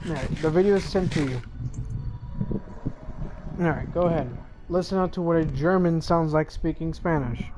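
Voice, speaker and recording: A man's voice: a little high, normal speed, pauses often, noisy background. A man hosting a casual gaming chat, rambling and sliding into Spanish and Portuguese phrases. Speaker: channel host.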